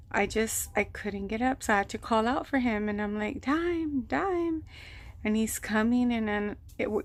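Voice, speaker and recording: A woman telling a long personal story on her vlog, rambling and animated, acting out what people said. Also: medium pitch. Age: adult, mother of a grown son. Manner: rambling, animated retelling with quoted voices. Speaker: vlogger. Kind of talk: casual storytelling.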